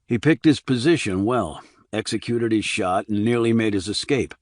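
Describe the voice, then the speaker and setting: Brief: a man playing a blunt, confident military investigator, low and level, dry close mic. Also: normal speed, dry recording, natural voice. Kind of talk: audiobook character reading.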